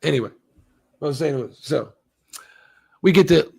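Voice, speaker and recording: A man talks through a TV episode in a loose, profane ramble, jumping in and out of the characters' lines. His voice is gravelly with fry and sits a little high for a man. He sounds like an unscripted solo host. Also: expressive, moderate pace, darkish tone. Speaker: show host reviewing a TV episode. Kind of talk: casual solo recap and review.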